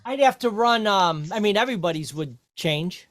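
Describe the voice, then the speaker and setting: A man's voice: high voice, lively intonation, moderate pace, dry recording, studio quality. A man who runs the sound board, chatting in a matter-of-fact, technical way. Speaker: show producer running the sound board. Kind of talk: casual chat.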